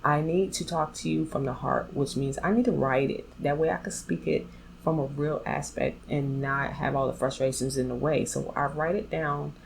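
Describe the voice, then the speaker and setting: A woman's voice: deep voice, steady tone, moderate pace, vocal fry, a little hiss or hum, rough recording. A woman vlogger telling a personal story in a candid, blunt way, speaking straight to her viewers. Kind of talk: storytime vlog.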